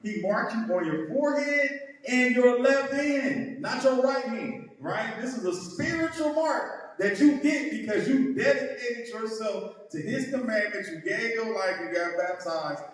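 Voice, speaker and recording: Emphatic high-voiced man in echoey hall. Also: measured pace, few pauses. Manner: emphatic, mocking, rhetorical "right?" tags. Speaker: Bible teacher. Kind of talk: heated Bible lesson. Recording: echoey hall, mic far off.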